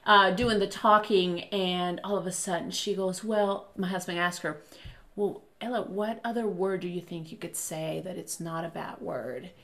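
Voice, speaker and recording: A woman in her thirties, hosting a casual chat and telling animated family stories while laughing often. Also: lowish voice, normal speed. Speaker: podcast host.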